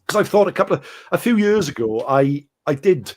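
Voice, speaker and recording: This Welshman's voice sits on the higher side, swinging widely in pitch, a touch quick and somewhat mellow. Appearing as a podcast guest, the wargamer tells casual stories at his own expense, wandering off and starting over again and again.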